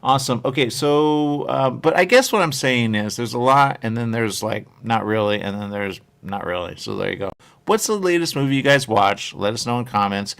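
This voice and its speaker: A man's voice: medium pitch, expressive, moderate pace, creaky, fairly bright tone, clear, resonant tone. A man hosting a live radio show, rambling casually, reading viewer comments and repeating himself often. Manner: rambling, repeats "there you go", reads chat comments aloud.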